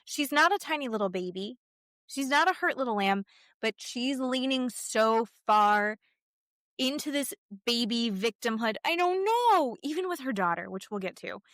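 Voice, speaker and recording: A woman's voice: a little high, expressive, moderate pace, fairly bright tone, no room sound, studio quality. A woman co-hosting a podcast, recapping reality TV in casual chat, blunt and profane, acting out what the cast members said. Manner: blunt, swears freely, acts out quotes. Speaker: podcast co-host.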